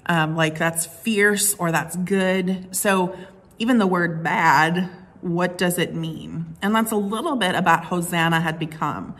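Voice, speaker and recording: A woman pastor gives a sermon in a relaxed, conversational tone. Her voice sits a little low, and she speaks at an unhurried pace. She often pauses on fillers and restarts her sentences as she explains.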